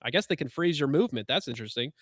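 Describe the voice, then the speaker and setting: A man's voice: medium pitch, expressive, rapid-fire, a bit bright, no echo. A man co-hosting a podcast, retelling a story in casual, sarcastic style with lots of fillers. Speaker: podcast co-host.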